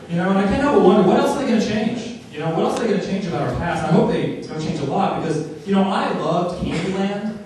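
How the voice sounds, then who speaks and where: A young man doing deadpan stand-up comedy on a club stage, with a flat, dry delivery and pauses. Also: high voice, far from the mic, a crowd in the background. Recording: echoey room heard from afar, noisy.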